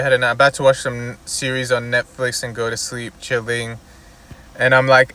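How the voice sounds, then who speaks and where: A man's voice: mid-range voice, flat delivery, moderate pace, bright, forceful tone, clean tone. Man ranting casually from a car. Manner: profane, rambling, fills with "you know what I mean". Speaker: vlogger. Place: inside a car.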